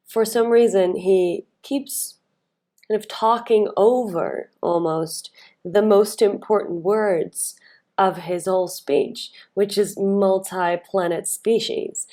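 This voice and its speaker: With a dark-toned, mid-range voice, this woman coaches speaking and storytelling. Reviewing a speech in a video, she thinks aloud in a chatty way, restarting and using fillers, and leans on key words.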